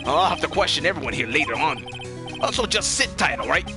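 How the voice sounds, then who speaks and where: Brief: streamer as a gruff, friendly cop guy, plain-talking, with music behind. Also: mid-range voice, sing-song, brisk, voice pushed up, natural voice. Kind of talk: let's play voice acting.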